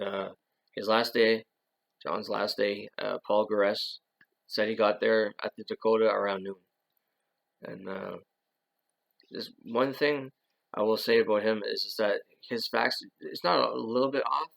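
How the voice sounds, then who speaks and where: Low gravelly man, rambling monologue. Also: a bit bright, poor audio. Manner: rambling, full of fillers and restarts. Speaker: channel host. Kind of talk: casual monologue.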